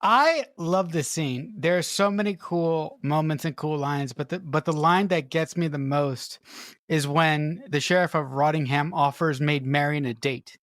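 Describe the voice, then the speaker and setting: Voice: mid-range voice, unhurried, fairly bright tone, no room sound, studio quality. Enthusiastic co-host who gushes with praise. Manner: enthusiastic, emphatic praise with swearing and repeated restarts. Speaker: podcast co-host. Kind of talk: casual film review chat.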